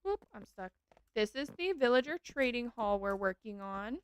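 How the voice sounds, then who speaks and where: A woman's voice: fairly high pitch, expressive, normal speed, smooth, no echo. A woman streaming a game, chatting casually with her viewers and gushing over cute animals.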